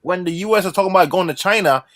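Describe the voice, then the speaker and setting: A man co-hosting a livestream podcast, talking with passion and effusive excitement, often restarting his words. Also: high voice, rapid-fire, no room sound. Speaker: podcast co-host. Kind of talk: excited casual livestream chat.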